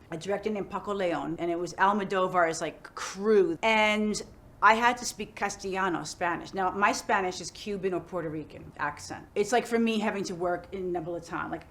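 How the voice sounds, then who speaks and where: A middle-aged woman talks freely in an interview, her voice sitting on the lower side. She rambles in an animated way, leaning on "like" and quick asides. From United States. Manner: chatty, animated, many "like" fillers. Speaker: actress interviewee. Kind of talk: casual interview chat.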